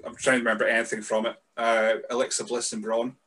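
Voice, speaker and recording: Male podcast host, easygoing, chuckles a lot, middle pitch. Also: flat delivery, fast talker, sharp tone. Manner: laid-back, chuckling, loses his train of thought. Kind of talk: casual sweary chat.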